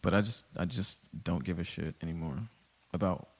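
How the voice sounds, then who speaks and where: A man's voice: deep voice, normal speed, creaky. A man, a stand-up comic, talking frankly in a rambling, self-deprecating way. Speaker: stand-up comedian guest. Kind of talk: casual chat.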